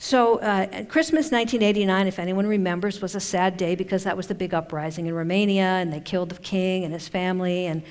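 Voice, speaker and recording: A woman's voice: fairly low pitch, steady tone, fairly quick, hardly any pauses, smooth. A woman giving a chatty, conversational talk at a conference, with self-deprecating humor. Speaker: conference speaker and author. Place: conference hall stage. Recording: long hall reverb.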